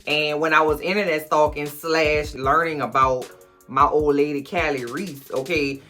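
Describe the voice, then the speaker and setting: A woman's voice: sits low, fairly even intonation, normal speed, sharp tone, faint music behind. A woman host casually recapping a TV episode, chatty and slangy, talking straight to her viewers while a little tipsy. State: tipsy from drinking.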